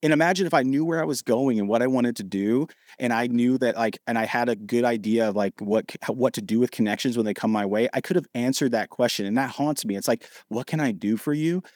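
A man from Ohio, a podcast guest, telling lively stories and acting out the dialogue. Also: mid-range voice, fast talker, few pauses, no echo, studio quality. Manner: animated, acts out quoted dialogue. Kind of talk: storytelling in a podcast interview.

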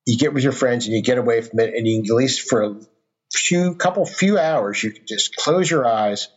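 A middle-aged man appears as a podcast guest, sharing a personal story in casual conversation, earnest and rambling with restarts. He speaks at a moderate pace and medium pitch, and the recording has a dull lo-fi sound.

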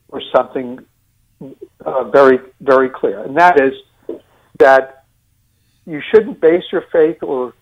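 A man with a New York accent, discussing and critiquing a sermon series in a deliberate way with many fillers and restarts. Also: medium pitch, dull audio.

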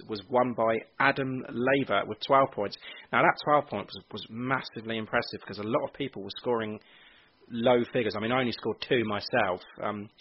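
A man hosting a casual football podcast, upbeat and quick to laugh as he runs through prediction scores. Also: mid-range voice, a little hiss or hum. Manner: upbeat, laughs often, reads out league scores. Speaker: podcast host. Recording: dull lo-fi audio.

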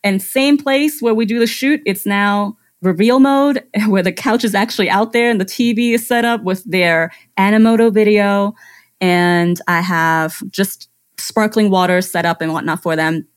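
A woman's voice: mid-range voice, moderate pace, clear, resonant tone. A woman photographer, a podcast guest, describing her client process step by step with enthusiasm. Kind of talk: conversational interview.

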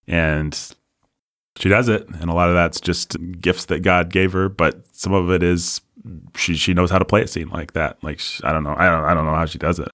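A man with a low, dark voice co-hosts a casual film podcast. He talks in an easygoing, animated way and drops into playful voices now and then. The sound is close and dry. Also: normal speed, no room sound. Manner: animated storyteller, slips into voices. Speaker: podcast co-host.

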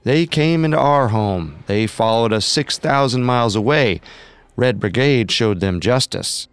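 A man voices a middle-aged cult leader for a reenactment of recorded speech, repeatedly preaching to and pleading with followers like a sermon. He speaks at a medium pitch and measured pace, smooth and natural, with no room sound.

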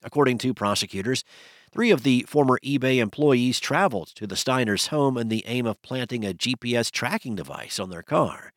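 A man hosting a news podcast, reading a scripted bulletin in a steady, measured way. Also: mid-range voice, no echo, clean studio sound.

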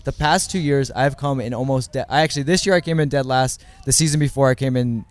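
A man co-hosting a casual sports podcast, giving quick, earnest match analysis. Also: mid-range voice, fairly even intonation. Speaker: podcast co-host, works in club's digital department.

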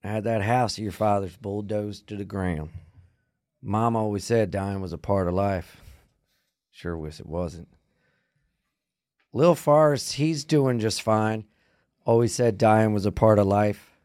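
A man's voice: lowish voice, a little mellow, no room sound, studio quality, close to an everyday voice. A man doing a nervous film monologue. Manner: halting, stumbling recitation. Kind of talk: mock audition performance.

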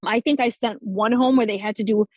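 Casting: husky-voiced woman with a New Jersey accent, blunt educator, dry close sound. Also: a little high, brisk, no echo, rough recording. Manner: blunt, swears freely, animated. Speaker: forest school teacher. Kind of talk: casual podcast conversation.

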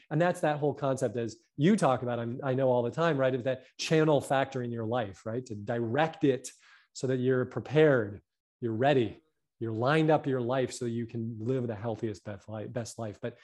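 A man talking about health as a guest, animated and fond of tagging his points with "right?". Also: medium pitch, normal speed. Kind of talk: casual conversation.

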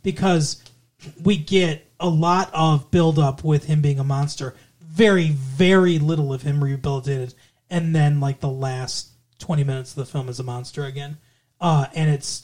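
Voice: mid-range voice, normal speed, darkish tone. Rambling, profane podcast co-host. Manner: profane, rambling, lots of fillers. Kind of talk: casual movie review chat.

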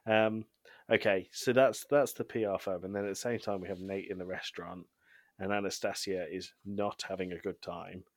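A man co-hosting a podcast, casually recapping a TV episode with frequent ums and quick laughs. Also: sits low, steady tone, no echo. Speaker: podcast co-host.

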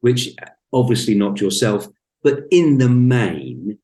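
A man in his fifties speaking as a podcast guest, joking about himself in a wry, blunt way. His voice sits at an ordinary middle pitch. The room around him is roomy and echoey. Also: very animated, slow, warm tone. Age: 50s. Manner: wry, self-mocking, blunt humor. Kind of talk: casual conversation. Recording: roomy echo.

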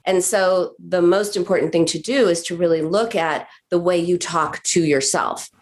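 Low-voiced woman therapist explaining. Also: normal speed. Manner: explanatory, acts out patients' self-talk. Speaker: therapist guest. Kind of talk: podcast conversation.

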